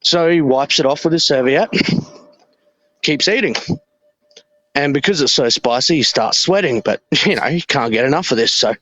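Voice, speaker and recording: A man telling a crude workplace story in a lively, animated way. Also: mid-range voice, normal speed, pauses often, dry recording. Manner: animated storyteller, voices characters loudly. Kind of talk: casual chat.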